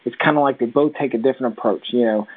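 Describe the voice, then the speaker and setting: A man's voice: medium pitch, quick pace, breathy edge. A man co-hosting a casual show recap in an easygoing, chatty way. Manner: easygoing, chatty, many fillers. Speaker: podcast co-host. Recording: tinny phone-like sound.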